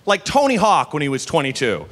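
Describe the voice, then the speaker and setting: A man's voice: fairly high pitch, huge pitch swings, brisk, a bit bright. A man performing a stand-up comedy set on stage, telling a rambling story with lots of asides. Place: live comedy venue on stage.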